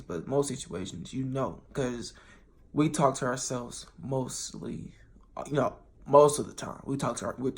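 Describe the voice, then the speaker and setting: Male vlogger, unscripted monologue straight to viewers, rambling, full of restarts and swearing, loudness jumps around. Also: medium pitch, vocal fry. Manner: rambling, with many restarts and sudden swings in loudness.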